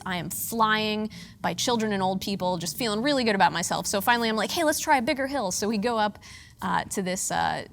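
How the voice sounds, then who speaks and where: Lively, self-mocking woman preacher. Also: medium pitch, creaky, slight background noise. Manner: lively, self-mocking humor with earnest hushed moments. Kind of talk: storytelling sermon.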